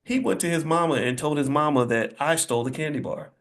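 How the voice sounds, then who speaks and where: A man in middle age speaks to a live audience in a hall, pressing his points hard and repeating key phrases like a preacher. His voice sits a little higher than most men's. He sounds like a motivational speaker working the room. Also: fast. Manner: emphatic, repetitive, preacher-like cadence.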